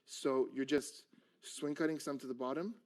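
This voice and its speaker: A man walks through a card trick step by step in relaxed, conversational talk. His pitch sits mid-range, and he slips into mock-annoyed patter as he plays it out. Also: moderate pace. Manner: animated, acts out exasperated patter with a drawn stick figure. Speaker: magician teaching a card trick. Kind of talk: casual teaching chat.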